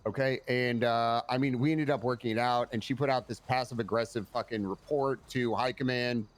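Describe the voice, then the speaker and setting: A man's voice: mid-range voice, fairly even intonation, a little fast. A tired man playing a police commander in a game roleplay, telling a long story in a rambling way, swearing and restarting often. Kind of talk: in-character roleplay chat.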